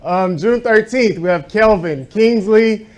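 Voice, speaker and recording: A man's voice: high voice, unhurried, darkish tone, lo-fi sound. A man running an office team meeting, reading out announcements and birthdays. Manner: upbeat, reads out announcements.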